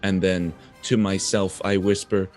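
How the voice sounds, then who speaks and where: A man playing a tabletop game, describing his character's actions with halting repeats. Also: deep voice, little pitch movement, darkish tone, faint music behind. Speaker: player.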